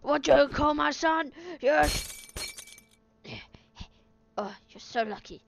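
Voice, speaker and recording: A woman giving excitable let's play commentary, exclaiming and chattering at the game as she plays. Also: sits high, slow pace, gravelly. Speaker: gaming video host. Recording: game sounds and noise behind. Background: video game sound effects.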